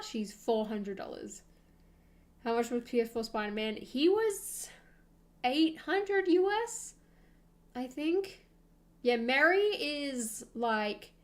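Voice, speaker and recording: A young woman streaming, chatting casually and thinking aloud with soft laughs. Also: fairly high pitch.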